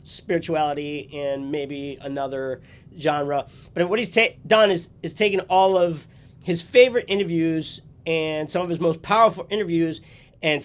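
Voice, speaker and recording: A man hosting a casual vlog from his home office, with a nasal, congested voice from a cold and an upbeat, rambling way of talking. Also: on the high side. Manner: upbeat, rambling with fillers and restarts. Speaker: host. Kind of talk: casual vlog talk to camera.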